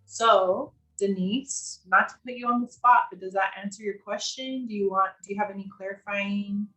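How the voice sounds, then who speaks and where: A woman's voice: medium pitch, fairly even intonation, normal speed, a bit bright. Woman trainer on a video call, loose and chatty with lots of fillers, roomy echo, faint music behind. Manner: chatty, with many fillers and restarts. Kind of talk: casual live online training.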